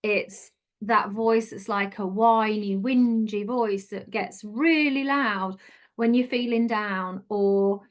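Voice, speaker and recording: A woman's voice: mid-range voice, steady tone, takes it slowly. A middle-aged woman giving an online coaching talk, chatty, earnest and encouraging. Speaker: life coach.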